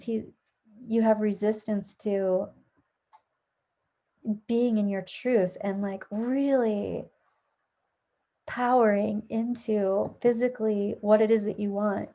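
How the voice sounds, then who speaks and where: A woman's voice: medium pitch, gravelly, mellow. A woman giving a casual, chatty tarot reading at home, thinking aloud and correcting herself as she goes. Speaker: tarot reader. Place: at home with a dog nearby.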